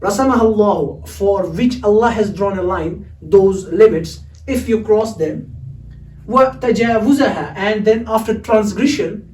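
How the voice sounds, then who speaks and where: A man's voice: high voice, moderate pace, darkish tone. A man teaching the Arabic grammar of a Quranic prayer, explaining it word by word and moving between recited Arabic and English. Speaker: Islamic studies teacher. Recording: echoey room, voice from a distance.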